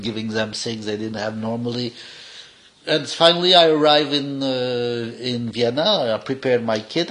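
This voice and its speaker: An older man, a cinematographer, telling animated, rambling stories in casual, non-native English with restarts. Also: mid-range voice. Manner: rambling, animated anecdotes with frequent laughs and restarts. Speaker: cinematographer being interviewed. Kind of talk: casual anecdotal storytelling.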